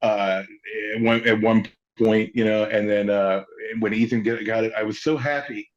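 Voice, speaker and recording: A male actor telling stories as an interview guest, rambling quickly and acting out quoted voices. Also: on the low side, muffled recording. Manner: acts out quotes in lively voices, fast rambling. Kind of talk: animated storytelling.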